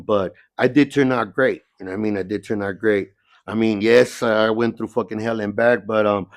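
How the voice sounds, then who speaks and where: A man's voice: fairly low pitch, no room sound. A middle-aged man from the San Diego area, a podcast guest telling stories in casual talk, cursing heavily and often asking "you know what I mean.". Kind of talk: casual storytelling, heavy cursing.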